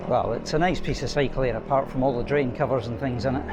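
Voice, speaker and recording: A man's voice: medium pitch, fast. A middle-aged man, a head teacher chatting wryly to the camera while cycling outdoors, recorded on an action camera. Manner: chatty, wry anecdotal storytelling. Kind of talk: casual storytelling vlog while cycling. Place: outdoors on a bike along an urban road. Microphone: action camera mounted on a bike. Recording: faint street and traffic noise.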